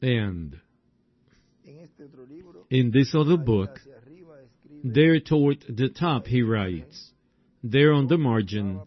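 A man preaching a sermon in a slow, drawn-out way, breaking into exclamations. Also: medium pitch, expressive. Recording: dull lo-fi recording.

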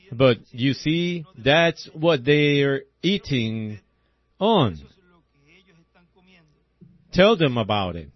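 A middle-aged man preaches in a slow, folksy rhythm, keeping his voice a little raised in pitch. He often tags his points with a short "see?". The sound is dry and dull, like an old lo-fi tape. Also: dry recording. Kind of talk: sermon.

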